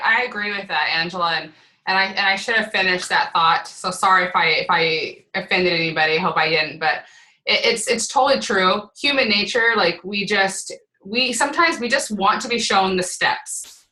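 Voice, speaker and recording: Bright, energetic woman leading a call. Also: mid-range voice, moderate pace, poor audio. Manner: energetic, repeats for emphasis, asks "right?" often. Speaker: team leader on a group call. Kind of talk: motivational coaching talk.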